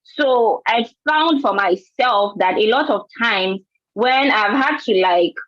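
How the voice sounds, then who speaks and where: A woman's voice: a little high, animated, takes it slowly, a bit bright, no echo, highs cut off. A woman from Nigeria with a Nigerian accent, telling an earnest personal story on a panel and often repeating words. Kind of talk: panel discussion.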